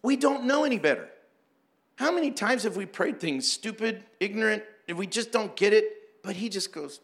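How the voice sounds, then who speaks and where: A man preaching a sermon, animated and joking, acting out prayers as he teaches. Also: high voice, normal speed. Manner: animated, jokes and acts out prayers. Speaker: pastor.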